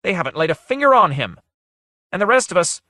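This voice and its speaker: A man's voice: very animated, a little fast, bright, forceful tone, no room sound, studio quality. A man voicing a grating, furious society matron. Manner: shrill and scolding. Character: grating, furious middle-aged league president woman.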